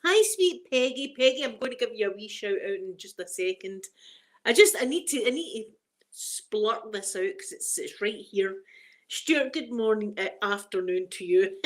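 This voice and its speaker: A woman's voice: mid-range voice, normal speed. A middle-aged Scottish woman hosting a casual live chat, emotional and fighting back tears as she greets viewers by name. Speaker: livestream host.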